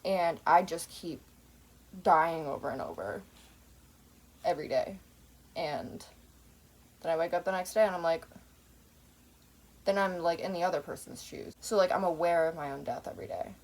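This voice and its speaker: A woman's voice: fairly low pitch, a little mellow. A woman in her twenties talking to camera in a rambling, tangent-filled monologue, swearing freely. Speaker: vlogger.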